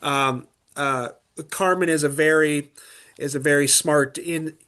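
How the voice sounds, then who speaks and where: An opera tenor from Pennsylvania, USA, talks casually as an interview guest in a somewhat high, fairly bright voice with fairly even intonation. He explains things haltingly, restarting phrases and leaning on filler words.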